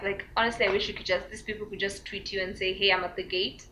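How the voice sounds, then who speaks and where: Animated young woman vlogger, bright voice. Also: fast talker, few pauses, slight background noise. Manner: animated, acts out quotes with high squeaky voice; many likes and fillers. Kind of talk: casual storytime chat. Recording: dull lo-fi recording.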